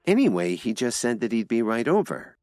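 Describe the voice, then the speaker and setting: A man's voice: mid-range voice, sing-song, a little fast, darkish tone, dry recording, clean studio sound, voice pushed up, natural voice. Man voicing a worried young woman. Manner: pleading, anxious.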